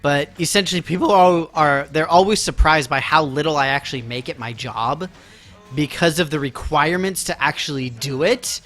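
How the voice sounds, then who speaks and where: A man's voice: on the high side, normal speed, a bit bright, soft background music. A man chatting casually with his viewers during a live game stream, laughing often and teasing them with mock offense.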